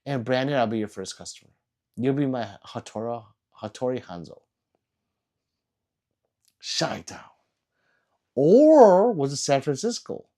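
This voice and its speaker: Man, livestreamer, casual chat, teasing, rambling, lively pitch, mellow tone.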